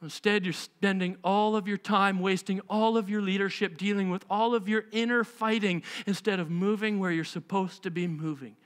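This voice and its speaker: A male pastor preaching a sermon in a church, emphatic and animated, firing off rhetorical questions. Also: high-pitched, normal speed, few pauses, clear, resonant tone. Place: church sanctuary.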